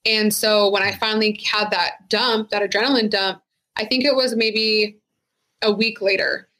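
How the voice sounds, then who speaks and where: A woman's voice: mid-range voice, fairly even intonation, moderate pace, a bit bright, rough recording. A woman who is a retired sheriff's deputy, speaking frankly and casually as a guest in an interview, with many "like" fillers. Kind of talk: candid interview conversation.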